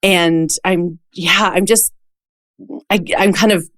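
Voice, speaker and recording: A woman hosting a podcast interview, chatty and effusive, quick to laugh. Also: fairly low pitch, steady tone, a bit bright, dry recording, studio quality. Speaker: podcast host. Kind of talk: casual interview chat.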